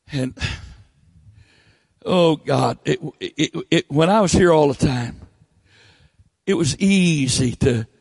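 A preacher man delivers a blunt, folksy sermon, drawing out his words at an unhurried pace. His voice is gravelly and sits a little high for a man. The sound is dry and close, with no room around it. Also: a little mellow, no room sound. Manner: folksy, blunt, teasing, drops to low mocking tones. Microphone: handheld microphone.

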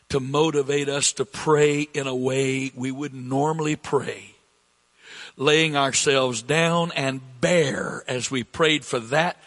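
Middle-aged male pastor, deliberate sermon delivery, raspy and forceful tone. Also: medium pitch. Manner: slow, repetitive preaching, rising with emphasis, coughs between lines.

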